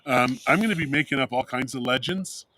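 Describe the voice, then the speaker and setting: A man's voice: mid-range voice, fairly quick, sharp tone, no echo. A man co-hosting a casual livestream chat outdoors, a playful teller of exaggerated stories. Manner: playful tall-tale teller. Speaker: co-host. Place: outdoors in direct sun.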